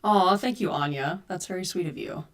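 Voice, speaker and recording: Woman live streaming at home, low-ish voice, chatty and fussing with her stream audio on a desk mic. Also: normal speed. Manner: chatty, reads and answers chat, fusses with stream audio. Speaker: cosplay streamer. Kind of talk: casual live-stream chat with viewers. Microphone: desk USB mic.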